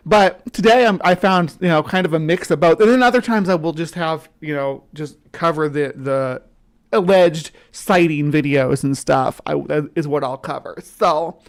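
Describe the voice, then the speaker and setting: A woman with a deep voice and a central US accent, from somewhere between the South and the upper Midwest, talks at a moderate pace. Hosting a livestream, she greets viewers, chats casually and rambles, with a skeptical edge.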